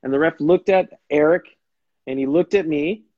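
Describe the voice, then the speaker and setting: Animated man telling a story, lo-fi sound. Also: a little high, normal speed, no echo. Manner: animated, acts out quotes, restarts sentences. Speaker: show host and former pro soccer player. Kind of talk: casual storytelling on a live show.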